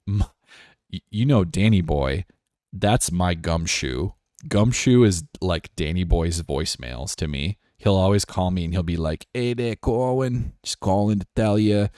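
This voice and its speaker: A man's voice: deep voice, darkish tone, dry recording, clean studio sound. A man streaming a game live, joking in laid-back asides and explaining the voices he does. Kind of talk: live gameplay commentary with character voices.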